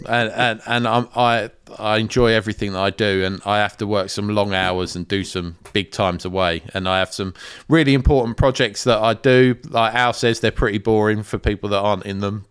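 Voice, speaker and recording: A man's voice: lowish voice, a bit bright, clear, resonant tone, dry recording, studio quality. A man chatting as a podcast guest, hesitant with lots of restarts. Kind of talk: casual chat. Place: studio.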